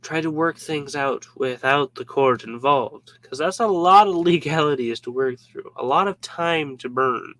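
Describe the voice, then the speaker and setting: A man's voice: on the high side, measured pace, hardly any pauses, a bit bright, low-quality recording. A man giving a casual devotional Bible talk, informal and joking, acting out little scenes as he explains. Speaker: Bible teacher.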